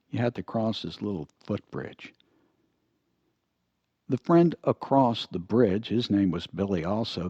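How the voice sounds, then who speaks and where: An older man telling a folksy story in an easygoing, unhurried way. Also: lowish voice, dark tone, no echo. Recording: dull, lo-fi dry recording.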